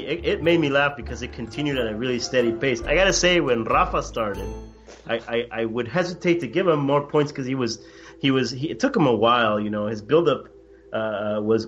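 A man's voice: mid-range voice, lo-fi sound. A man hosting a casual podcast chat, stumbling and restarting his sentences as he talks. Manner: hesitant, restarts often. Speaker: host.

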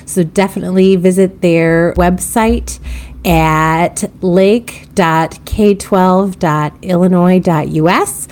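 A woman's voice: on the low side, fairly even intonation, takes it slowly, darkish tone. A woman co-hosting a podcast, explaining a game in casual chat and laughing easily. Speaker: podcast co-host.

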